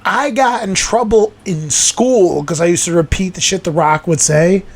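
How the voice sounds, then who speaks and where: A man with a fairly high voice, hosting a loose podcast chat. He tells stories in a rush of excitement and cusses freely, laughing along the way. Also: moderate pace. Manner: excitable, profane storytelling with laughs. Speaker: podcast host. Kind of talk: casual chat.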